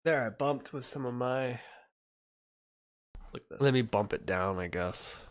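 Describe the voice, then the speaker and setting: A man's voice: mid-range voice, measured pace. A man chatting casually on his livestream, mumbling and thinking aloud as he fixes his audio at a desk microphone.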